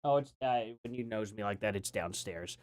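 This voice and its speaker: A man's voice: on the low side, moderate pace, dry recording, clean studio sound. A man hosting a live stream, chatting casually and rambling as he reacts to his chat, often laughing.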